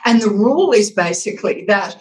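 A woman's voice: medium pitch, animated, brisk, a little mellow, rough recording. A woman, a communications expert, explaining with emphasis in a podcast interview and acting out voice examples as she talks. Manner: emphatic, demonstrative, acts out voice examples.

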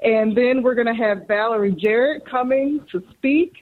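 A woman's voice: a little high, moderate pace. A woman calling in as a guest, speaking in an upbeat, enthusiastic way. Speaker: corporate guest. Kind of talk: phone interview. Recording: tinny phone line.

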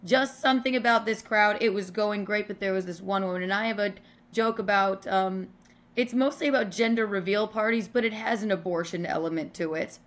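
A woman comedian, a guest on a podcast, telling a stage story in a casual, animated way with swearing and laughter. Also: mid-range voice, brisk.

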